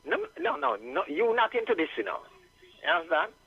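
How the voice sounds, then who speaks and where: A man calling in to a radio show, talking slowly and loosely with many fillers. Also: sits high, creaky, breathy edge, dry recording. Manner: slow, relaxed, full of fillers. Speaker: caller joining the show. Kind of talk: casual radio chat. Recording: dull lo-fi sound.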